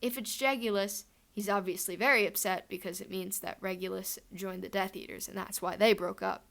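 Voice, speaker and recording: A woman's voice: mid-range voice, steady tone, brisk, creaky, fairly bright tone. A young woman telling a fan headcanon story in a chatty, rambling way, full of fillers.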